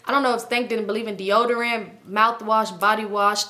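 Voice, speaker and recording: A woman's voice: mid-range voice, fairly quick. A woman hosting a storytime vlog, slangy and profane, acting out what everyone said. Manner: animated, slangy and profane, acts out quotes. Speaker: vlog host.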